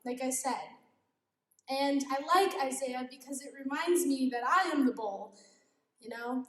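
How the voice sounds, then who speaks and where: A young woman giving an informal youth devotional talk, giggly and self-deprecating, often laughing as she speaks. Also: high-pitched. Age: young adult. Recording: echoey room.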